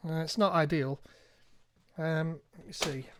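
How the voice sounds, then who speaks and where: A man hosting a live tech tutorial, reading instructions aloud and thinking out loud as he goes. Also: fairly high pitch, steady tone, unhurried, dry recording, studio quality. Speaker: tech streamer.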